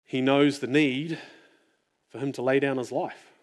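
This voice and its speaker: A man preaching a sermon in an earnest, reflective way, often dropping his voice to a near-hush. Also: mid-range voice, fairly even intonation, unhurried.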